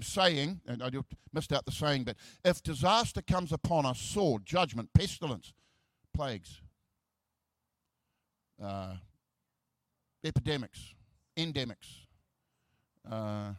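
A middle-aged pastor preaches in a fairly high voice, reading scripture and explaining it as he goes. He repeats words as he searches for the next phrase and slips in joking asides. The sound is close and dry, with no room echo. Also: animated, takes it slowly, pauses often, a bit bright.

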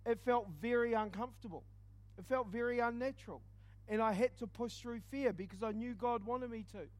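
A man preaching, telling a personal testimony in an animated storytelling way with quick dips into quiet asides. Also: very high-pitched, dry recording. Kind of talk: testimony sermon.

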